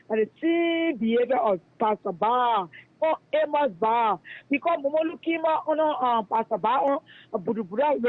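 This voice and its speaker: High-pitched Liberian man ranting on phone. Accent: Liberian English. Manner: fiery, denouncing, repetitive. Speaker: radio caller. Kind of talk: heated call-in rant. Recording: tinny phone line.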